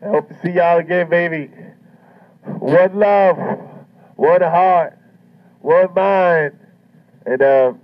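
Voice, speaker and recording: A man's voice: sits high, slow pace, long pauses. A man doing a stand-up comedy routine, brash and swaggering, with heavy profanity. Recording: muffled lo-fi recording.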